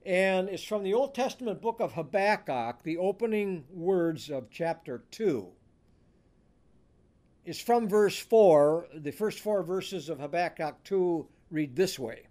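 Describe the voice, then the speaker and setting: Male pastor, higher voice, measured and emphatic sermon delivery. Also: expressive, warm tone. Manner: slow, deliberate preaching with emphatic scripture reading.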